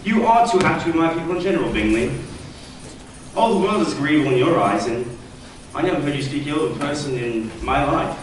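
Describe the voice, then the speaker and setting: A young actor in a stage play playing a proud, aloof gentleman with a stiff, disdainful manner, heard from far off in a noisy, echoey hall. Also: a little high, expressive, brisk, natural voice.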